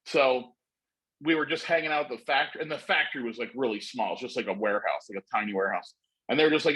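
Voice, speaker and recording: A man's voice: mid-range voice, fast, sharp tone, low-quality recording. A middle-aged man telling a long story in casual chat, rambling and profane with lots of fillers.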